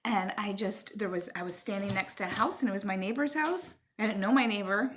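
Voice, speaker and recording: A middle-aged woman telling a rambling personal story at home to her viewers, with fillers and pauses. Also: medium pitch, a bit bright, slight background noise. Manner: chatty, rambling with fillers, stops to talk to her child. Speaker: vlogger. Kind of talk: casual storytelling to camera.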